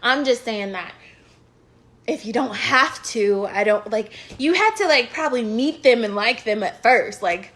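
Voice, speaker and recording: High-voiced rambling woman vlogger. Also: lively intonation, unhurried, fairly bright tone. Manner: rambling, frank and self-mocking, with sighs and laughs. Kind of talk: casual confessional rant to camera.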